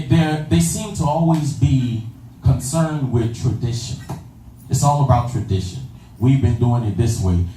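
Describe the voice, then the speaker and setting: A preacher with a dark, mid-range voice leads his sermon call-and-response style, repeating phrases and asking the congregation "you understand that?" The mic sits far away in an echoey room, picking up faint ambience and a little hiss or hum.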